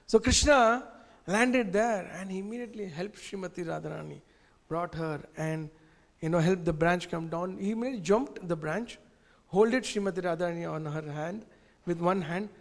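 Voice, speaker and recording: Man, animated storytelling class, high voice, long temple hall reverb. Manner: animated, asks the audience questions, uses gestures. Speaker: teacher of scripture class.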